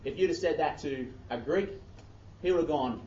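A man's voice: a little high, normal speed, mellow, slight background noise. A man preaching a sermon, reading scripture aloud and breaking off into chatty asides. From Australia. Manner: conversational, self-interrupting preaching with Bible reading. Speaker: pastor. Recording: echoey, distant, dull church audio.

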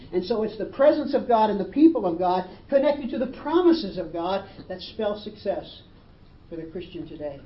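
A woman preaching a sermon, building emphasis and lifting her voice when quoting scripture. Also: fairly low pitch. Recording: roomy, dull, faint hiss.

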